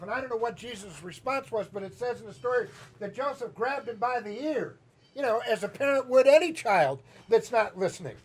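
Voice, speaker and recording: A man preaching a sermon as pastor, telling a story in an animated way and acting out the voices of the people in it. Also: very high voice, moderate pace, slightly rough. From Southern US. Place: church sanctuary.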